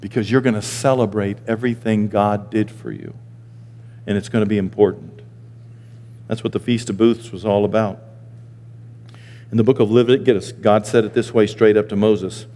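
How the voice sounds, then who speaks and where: A man in his sixties, a pastor, preaching a sermon and telling stories, now and then jumping into high squeaky voices for the people he quotes. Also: fairly even intonation, normal speed, long pauses, mellow, in a large hall. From Maine. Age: 60s. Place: church sanctuary.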